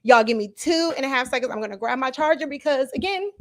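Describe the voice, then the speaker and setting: A woman hosting a casual livestream, chatting to her viewers and reacting as she talks, animated and quick to laugh. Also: high voice. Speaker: livestream host.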